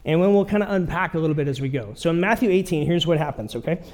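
A man's voice: fairly high pitch, animated, fast talker, darkish tone. A man preaching a sermon in a conversational way, often checking in with his listeners. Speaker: pastor.

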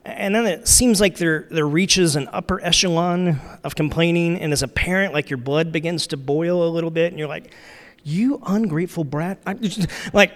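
A man's voice: fairly high pitch, moderate pace, fairly bright tone. A middle-aged man, a pastor, preaching in a conversational, candid, self-deprecating way. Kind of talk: sermon. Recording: hall reverb.

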